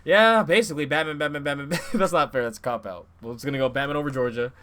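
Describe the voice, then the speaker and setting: A man co-hosting a casual podcast, blunt and quick to swear, laughing at his own jokes. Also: on the high side, bright, forceful tone. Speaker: podcast co-host.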